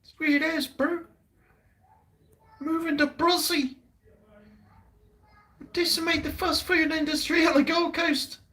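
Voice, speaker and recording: A man putting on a squeaky Kiwi bloke. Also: flat delivery, takes it slowly, long pauses, sharp tone, full character voice. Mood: mocking.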